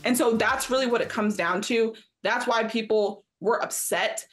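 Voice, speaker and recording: A woman's voice: on the high side, normal speed, faint music behind. A woman co-hosting a sports talk show, arguing her point emphatically and acting out quotes in mocking voices. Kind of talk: studio discussion.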